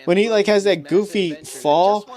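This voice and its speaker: A man's voice: high voice, measured pace. A young man giving casual commentary on his own video review, ranting and swearing freely. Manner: ranting, profane, animated.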